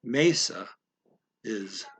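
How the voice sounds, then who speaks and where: A man slowly explaining a story word by word as a language teacher, thinking aloud with many pauses. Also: lowish voice, lively intonation, fairly bright tone, slight background noise. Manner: slow, thinking aloud, frequent fillers.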